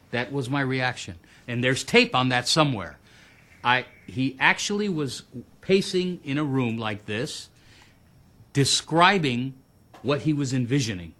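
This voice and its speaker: An American man, an actor, tells a story from a film shoot in an interview. He speaks slowly and dryly, with a deadpan delivery and a mid-pitched voice. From United States. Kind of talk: interview anecdote.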